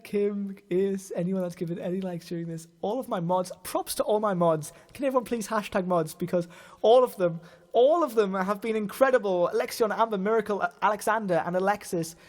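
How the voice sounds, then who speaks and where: A man hosting a livestream, tearful and giddy as he signs off, effusive and emotional, swearing casually while he thanks his viewers. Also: sits high. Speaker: livestream host. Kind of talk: casual livestream sign-off chat.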